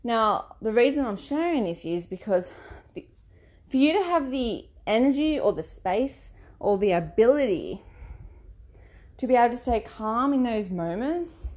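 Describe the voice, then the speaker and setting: A woman talking candidly about her life as a mother, expressive and laughing now and then. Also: on the high side, a little slow. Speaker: mother sharing parenting experience. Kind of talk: casual monologue, coaching tone.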